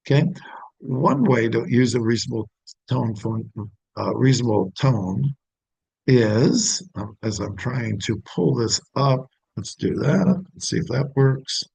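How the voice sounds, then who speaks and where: Guy teaching sales, gravelly kinda husky voice, punchy and keeps asking if it makes sense. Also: medium pitch, animated, unhurried, a little mellow, rough recording. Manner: emphatic, varies tone, asks "make sense?". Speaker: sales trainer. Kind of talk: sales training lesson.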